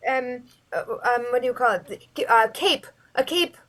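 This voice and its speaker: A woman's voice: a little high, lively intonation, normal speed, fairly bright tone. A woman playing in a tabletop game, chatty and searching for words. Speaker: player. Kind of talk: casual tabletop play.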